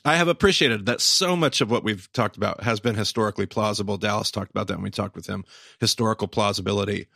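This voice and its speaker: Man, podcast co-host, gravelly, animated, exclaiming, dry sound. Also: lowish voice, fast, no echo. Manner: animated, exclaims, quotes himself. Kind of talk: casual chat.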